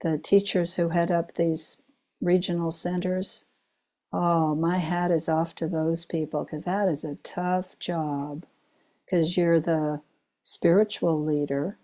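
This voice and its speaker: Slow, mellow-voiced older woman giving a dharma talk. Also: fairly low pitch, flat delivery. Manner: unhurried storytelling with gentle laughs. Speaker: Zen teacher giving a talk. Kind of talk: dharma talk with personal stories.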